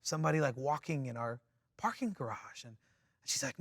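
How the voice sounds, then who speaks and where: A man's voice: a little high, normal speed, no room sound, clean studio sound. A man preaching a sermon, telling stories with wry humor and starting his points with "see.". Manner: animated storytelling, opens points with "see"; wry, self-mocking humor. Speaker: pastor.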